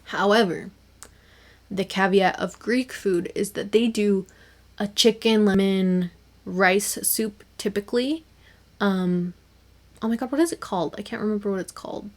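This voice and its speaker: A young woman hosting her own podcast, chatting casually and animatedly with lots of fillers and quick laughs. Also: medium pitch. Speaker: podcast host. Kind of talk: casual solo podcast chat.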